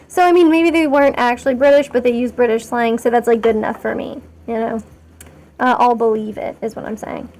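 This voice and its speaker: A woman streamer with a high voice talks through her game in a loose, rambling way. She keeps poking fun at herself and gets excited easily. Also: fairly quick, slight background noise. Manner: rambling and chatty, talking to chat while playing; self-mocking and excitable. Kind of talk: casual live-stream commentary.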